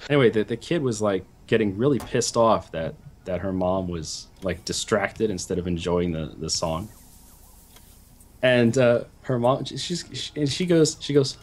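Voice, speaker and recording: A man chatting during a multiplayer game, animated and stumbling over his words as he tells stories. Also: fairly low pitch, moderate pace. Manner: animated storyteller, stumbles and restarts. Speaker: game co-player. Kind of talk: casual chat while gaming.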